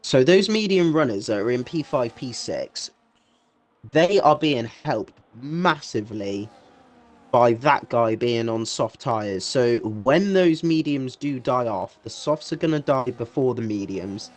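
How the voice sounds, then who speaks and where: A man's voice: medium pitch, lively intonation, a little slow. Male co-commentator, analytical, stop-start delivery. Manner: analytical, repeats words when restarting. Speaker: race commentator. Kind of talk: sim racing co-commentary.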